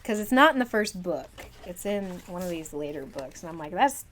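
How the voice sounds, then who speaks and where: A young woman co-hosting a casual comic book chat, excitable and quick to laugh at herself. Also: fairly low pitch. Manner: excitable, laughing, self-deprecating. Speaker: comic podcast co-host. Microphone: camera mic.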